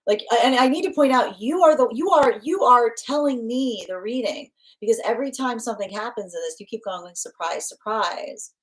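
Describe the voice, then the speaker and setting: A woman's voice: fairly high pitch, a little fast, few pauses. A woman giving a live tarot reading, talking in loose, rambling run-ons full of fillers and restarts, acting out what others might say. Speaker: tarot reader.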